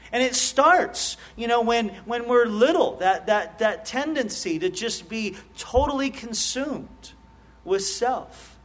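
A middle-aged pastor preaches with a notably high voice for a man. He talks earnestly, stumbling into quick repeated words and restarts as he builds his points. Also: lively intonation, a bit bright. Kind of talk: sermon.

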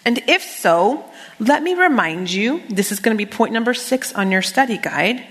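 A middle-aged woman teaching a women's Bible study, preaching in a lively, conversational way with humor and quoted scripture. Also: a little high, normal speed. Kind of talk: sermon. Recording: long hall reverb.

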